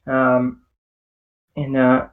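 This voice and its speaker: Hesitant game master with a distant mic. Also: male voice, medium pitch, monotone, very slow, phone-quality sound. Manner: hesitant, filler-heavy, laughs often. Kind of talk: narrating a tabletop game.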